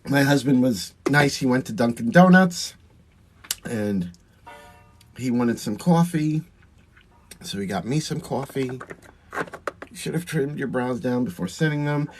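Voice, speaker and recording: Long island guy doing drag makeup on a live stream, chatty, laughs a lot, mid pitch voice. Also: animated, unhurried, long pauses, slight background noise. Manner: chatty, laughs often, answers viewer comments. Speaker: drag performer. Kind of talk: livestream chat while doing makeup.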